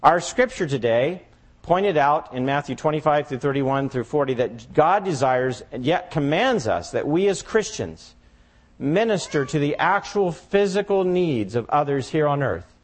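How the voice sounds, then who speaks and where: A man's voice: fairly high pitch, animated, measured pace. A man preaching a sermon, telling a farmyard story expressively before turning to scripture. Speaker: pastor.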